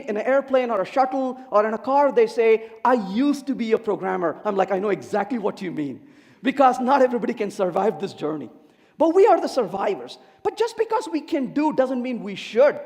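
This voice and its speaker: A high-voiced man talks with a swinging, animated pitch as he gives a comic conference keynote. He keeps asking the audience questions. His voice rings with long reverb from a large hall. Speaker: conference speaker. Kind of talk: humorous technical keynote.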